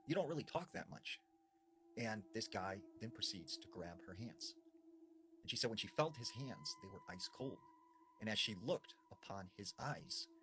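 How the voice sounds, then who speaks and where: A man's voice: lowish voice, a bit bright, a little hiss or hum. A man casually retelling true horror stories as a storyteller, in a chatty style full of fillers.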